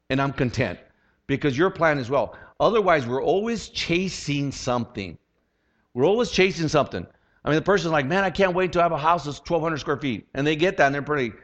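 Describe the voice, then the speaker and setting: A man in his sixties, a pastor preaching a conversational, humorous sermon full of rhetorical questions. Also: on the high side. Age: 60s. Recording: lo-fi dull sound.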